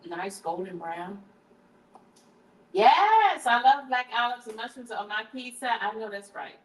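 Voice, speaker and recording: A woman's voice: fairly high pitch, lively intonation, measured pace. A woman hosting a casual live stream from her kitchen, chatting with viewers while she tastes her food. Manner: chatty, talks to viewers, switches to hushed prayer. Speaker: livestream host. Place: home kitchen. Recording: roomy, distant camera mic.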